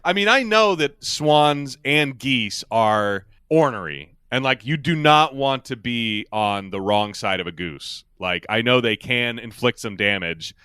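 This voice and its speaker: Male co-host, loose and chatty, laughs easily, bright tense tone. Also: mid-range voice, expressive, measured pace, few pauses, clear, resonant tone, no room sound, studio quality. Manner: chatty, laughs often, rambling asides. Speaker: podcast co-host. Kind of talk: casual recap chat.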